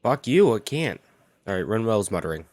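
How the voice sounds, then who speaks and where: A man playing a video game and talking over it casually. His voice sits low but jumps around a lot in pitch, and he tosses out loud, crude jokes. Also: big pitch swings, normal speed, no echo, studio quality. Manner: loud, crude, joking asides. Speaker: let's play host. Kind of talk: casual gameplay commentary. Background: game music.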